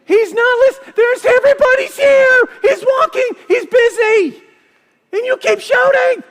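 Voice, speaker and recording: A man voicing an annoyed bystander in a crowd who shouts at a beggar to be quiet. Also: very high-pitched, unhurried, voice pushed up. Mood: exasperated. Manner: shouting, exasperated.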